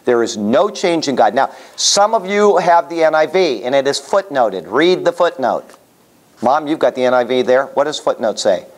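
A man's voice: medium pitch, animated, moderate pace. A man leading a Bible study class in a conversational way, asking the class questions as he teaches. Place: room with a small class.

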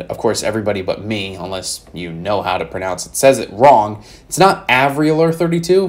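A male YouTuber talking through a card deck in his own casual way. He swears freely and his voice swings from loud, excited bursts down to low, mumbled asides. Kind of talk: casual profanity-laced deck profile.

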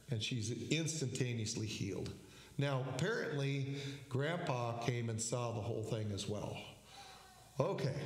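A man preaching as a pastor, telling a story in a slow, halting way with many fillers and restarts. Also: mid-range voice. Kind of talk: sermon storytelling. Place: church sanctuary. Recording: echoey church hall.

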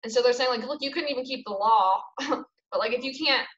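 Young woman, Bible study leader, chatty, animated, slightly high voice, echoey room. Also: brisk, slight background noise. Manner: chatty and animated, lots of "like" fillers. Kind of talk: casual Bible study teaching. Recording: echoey room, dull lo-fi sound.

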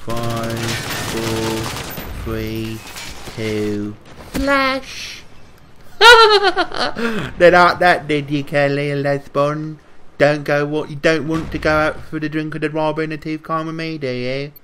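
Through a headset, a young man taunts and crudely insults strangers in a game's voice chat. His voice is on the high side, steady and fairly bright, his pace moderate, with slight background noise as he trolls.

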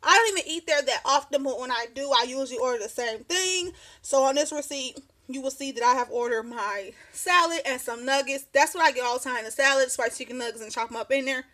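High-voiced chatty woman vlogger. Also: pushed and bright. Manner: chatty, rambling, quick to laugh. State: slightly out of breath. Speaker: craft vlogger. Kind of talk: casual show-and-tell chat. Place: home craft desk.

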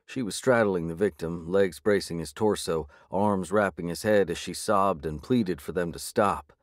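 Deep-voiced male audiobook narrator. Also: normal speed, dry recording, studio quality. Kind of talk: first-person audiobook narration.

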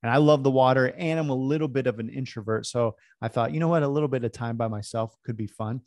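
Man, from California, lively self-deprecating storytelling, dry sound. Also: medium pitch, fast talker, no echo. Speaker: speaker. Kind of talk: storytelling talk.

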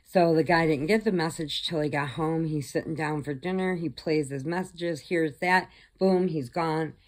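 Casting: a low-pitched woman vlogger, casual storytelling, lively character bits. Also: normal speed. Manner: chatty, animated, acts out the characters' voices. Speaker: crochet vlogger. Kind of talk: casual storytelling, retelling a film plot.

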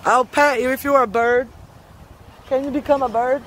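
A woman's voice: high-pitched, fairly even intonation, normal speed, slight background noise. A woman vlogging in a casual, rambling monologue, profane and offhand, laughing often as she talks outdoors on a street.

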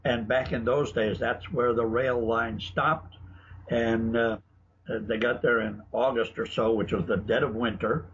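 A man's voice: medium pitch, steady tone, measured pace. A man being interviewed, telling stories in a chatty, anecdotal way, with frequent restarts. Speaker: guest author and researcher. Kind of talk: casual interview talk, storytelling. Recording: dull lo-fi broadcast audio with faint noise.

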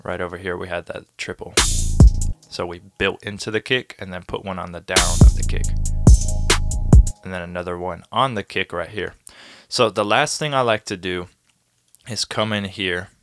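A man producing music and talking through a tutorial in a relaxed, casual way, sometimes vocalizing drum rhythms. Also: low voice, normal speed. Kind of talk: casual screen-recorded tutorial. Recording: music playing behind the voice. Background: beat music playing.

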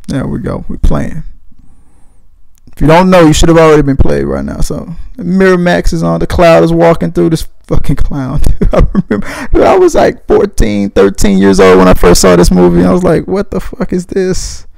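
Gravelly, rambling, profane young man. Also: fairly high pitch, expressive, moderate pace, darkish tone, dry recording, rough recording. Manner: rambling, profane, laid-back. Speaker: podcast host. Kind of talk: casual movie commentary.

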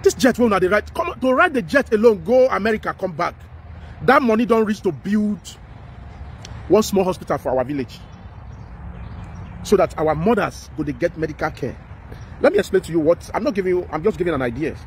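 A man's voice: high voice, expressive, fairly quick, pauses often, a little hiss or hum. A man with a Nigerian accent giving impassioned commentary, emphatic and repetitive, pleading with his listener. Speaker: social commentator.

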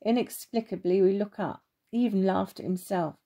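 A woman narrates a children's story in a gentle, expressive reading voice. Her tone is dark and mellow. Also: mid-range voice, moderate pace.

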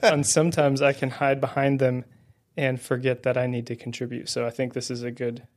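A man's voice: mid-range voice, level tone, fairly quick, a little mellow. A man co-hosting a faith podcast in casual conversation, friendly and self-deprecating, with many fillers, close to the mic. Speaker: guest co-host. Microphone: held close to the mouth.

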